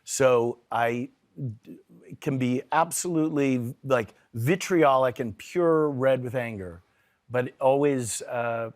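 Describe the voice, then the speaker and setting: A man's voice: medium pitch, slow, a little mellow. A middle-aged man chatting as a talk show guest in a TV studio, playful and self-deprecating, with lots of fillers and restarts. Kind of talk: casual chat. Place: TV studio with audience.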